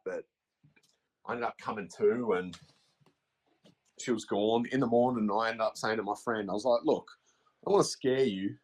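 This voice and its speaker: A man in his thirties with an Australian accent, telling a ghost story as a podcast guest in a halting, hesitant way with many fillers. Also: mid-range voice, darkish tone. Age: 30s. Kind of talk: casual storytelling.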